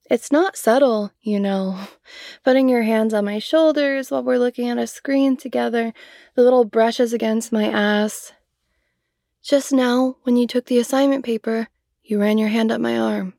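A young woman voicing a blunt, sharp-tongued female computer science student who swears constantly and speaks proudly of her work. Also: a little high, gravelly, no room sound, clean studio sound, heavily acted. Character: blunt, foul-mouthed young woman coder, fiery and proud. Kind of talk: adult audio role-play.

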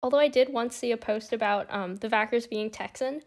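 A young woman in casual fan chat, giggly and earnest, quick to agree with others. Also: a little high.

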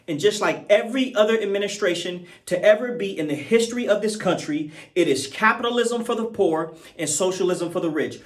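A man's voice: high-pitched, fairly bright tone. A middle-aged man from the United States giving an emphatic political commentary monologue, arguing point by point and throwing rhetorical questions at his viewers.

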